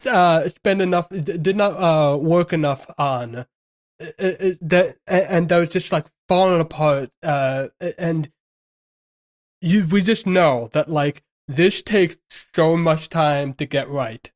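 A man co-hosting a casual podcast, his voice sitting a little high. He rambles, restarting sentences and leaning on fillers as he works through his thoughts. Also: slow pace. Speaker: podcast co-host. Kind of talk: casual film discussion.

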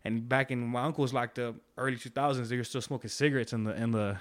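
A man's voice: mid-range voice, steady tone, quick pace. A man telling stories in casual podcast chat, slangy and profane, rambling with restarts.

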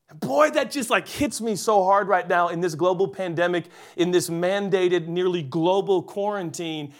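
Animated middle-aged male preacher. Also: high-pitched. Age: 40s. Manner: animated, wide swings between loud emphasis and hushed delivery. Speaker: pastor. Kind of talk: sermon.

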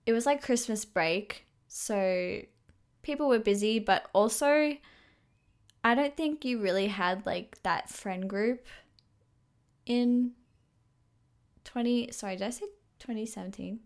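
A woman's voice: fairly high pitch, slow, pauses often. A woman from Australia, co-hosting a podcast and chatting casually, often laughing and correcting herself. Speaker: podcast co-host. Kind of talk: casual chat.

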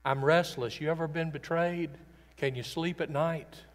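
A man's voice: on the high side, steady tone, moderate pace. Earnest preaching man in a reverberant hall. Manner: earnest, emphatic preaching with sudden loud and soft swings. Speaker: pastor. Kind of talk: sermon. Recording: long reverb of a large hall.

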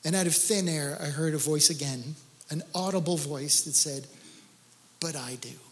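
A man's voice: fairly high pitch, normal speed, a bit bright, big-room sound. A man speaking to a church gathering, telling his own faith story in an earnest, storytelling way that rises to intense emphasis. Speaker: guest speaker. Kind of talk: testimony sermon.

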